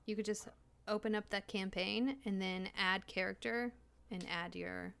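A woman playing a tabletop game, describing her character's actions in a relaxed, hesitant way. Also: medium pitch, unhurried, vocal fry, clear, resonant tone. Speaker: player.

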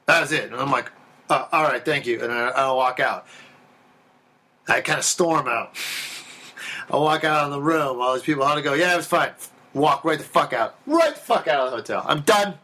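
Brief: male podcast storyteller, bright and forceful, swears, acts out the dialogue. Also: medium pitch, normal speed. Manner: animated, swearing, acts out quotes. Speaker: podcast guest telling a story. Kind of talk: casual storytelling.

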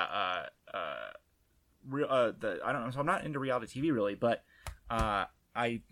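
This podcast co-host is a man whose mid-range voice has a slightly bright quality. He talks casually, wandering through his points with frequent fillers and restarts.

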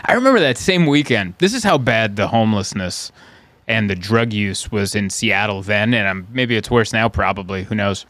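A man, a stand-up comedian, telling stories in casual chat and now and then jumping into high voices for the people in them. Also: normal speed, no room sound. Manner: animated, acts out characters in high voices. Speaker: stand-up comedian, podcast host.

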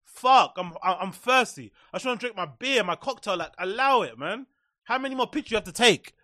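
A man with a high voice delivers sarcastic, profanity-laced commentary as a podcast host. His sound is dry and close, with no room around it. He slips into mocking impressions mid-rant. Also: expressive, brisk, bright, forceful tone, no echo. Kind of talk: comedic commentary on clips.

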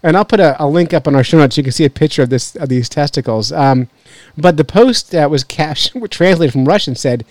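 A man's voice: on the high side, animated, brisk, a little mellow, no echo. A man hosting a fishing podcast, chatting casually in a joking, rambling way and laughing often. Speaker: podcast host. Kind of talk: casual chat.

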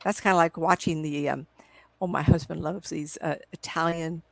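Gravelly middle-aged woman telling stories. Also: low-pitched, fairly even intonation, moderate pace, no room sound, rough recording. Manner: rambling, chatty, quotes her own past conversations. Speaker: psychic medium guest. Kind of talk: casual storytelling in a live video interview. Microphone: computer video call.

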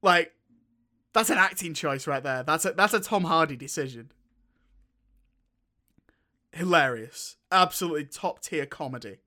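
A chatty man co-hosting a film podcast, talking loosely and laughing his way through plot summaries. His voice sits a little high and sounds bright and forward. He rambles, restarts and acts out bits of scenes. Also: expressive, moderate pace, long pauses. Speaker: podcast co-host. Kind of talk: casual film review chat.

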